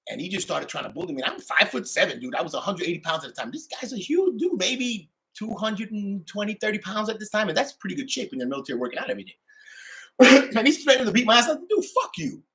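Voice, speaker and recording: A middle-aged man delivering a profane, ranting monologue to his channel, swinging between loud outbursts and low mutters. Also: sing-song, very fast. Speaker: channel host.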